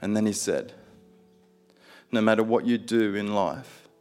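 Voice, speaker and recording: A man voicing his dying older father, speaking softly in broken, repeated apologies. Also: on the low side, unhurried, soft background music, voice pushed down, close to an everyday voice. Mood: remorseful, tender. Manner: soft, broken, repetitive apologies.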